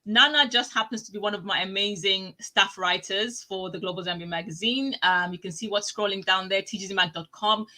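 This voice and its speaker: A woman hosting a live online show, chatting casually and telling stories excitedly, often breaking into laughter. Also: medium pitch, fairly quick, few pauses, low-quality recording. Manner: excitable, animated storytelling with laughs. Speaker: talk show host. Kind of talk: live casual TV review chat.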